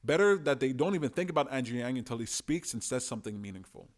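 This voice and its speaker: A man's voice: medium pitch, fast talker. A young man giving casual, emphatic political commentary in a solo monologue, now and then acting out the people he talks about. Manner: animated, emphatic, acts out quoted voices.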